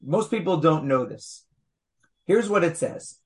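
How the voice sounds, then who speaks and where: A man's voice: a little high, expressive, unhurried. A man teaching Torah to a small group, reading verses aloud and pressing his listeners with rhetorical questions. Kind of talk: animated text study with a small group.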